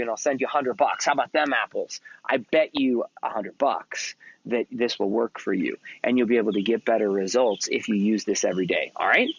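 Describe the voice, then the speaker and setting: A middle-aged man hosting a mentoring podcast, telling a motivational story in a casual, energetic way, swearing freely and repeating himself. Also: medium pitch, breathy edge, dry recording, highs cut off.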